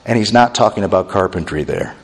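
A male pastor preaching a sermon, animated and full of rhetorical questions. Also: lowish voice, a little fast. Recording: long hall reverb.

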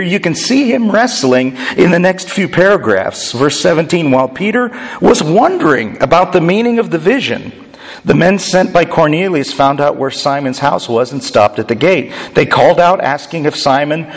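A man giving a sermon in an animated, joking way, acting out the lines he quotes. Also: a little high, moderate pace, creaky, slightly rough, big-room sound. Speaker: preacher.

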